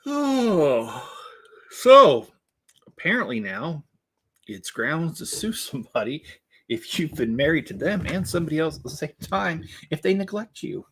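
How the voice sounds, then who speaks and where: A man's voice: on the high side, very animated, unhurried, a little hiss or hum. A man hosting a casual livestream while building Lego. He rambles with plenty of fillers and keeps breaking into laughter.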